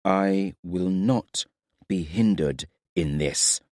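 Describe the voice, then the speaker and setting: A man voicing a proud young prince who speaks in a cold, commanding, measured way. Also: low voice, darkish tone, dry recording, clean studio sound. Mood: coldly menacing. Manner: imperious, coldly measured.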